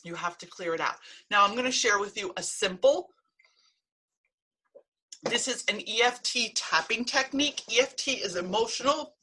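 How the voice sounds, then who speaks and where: A woman's voice: medium pitch, pushed and bright, slightly rough. A middle-aged woman, a healing practitioner and coach, giving a blunt, emphatic motivational talk to camera and swearing freely.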